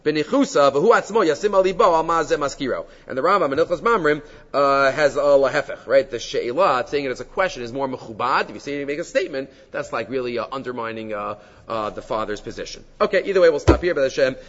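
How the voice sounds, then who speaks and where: A man giving a Talmud class lecture, explaining sources in an animated way with Hebrew and Aramaic terms and frequent fillers. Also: mid-range voice, quick pace. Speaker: Talmud teacher. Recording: dull audio in a reverberant hall.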